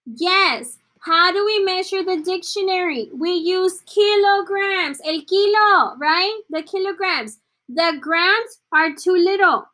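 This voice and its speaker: Slow, bright-voiced woman teaching a class. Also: extremely high pitch. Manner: encouraging, praising students by name; slips between English and Spanish. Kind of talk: online class lesson.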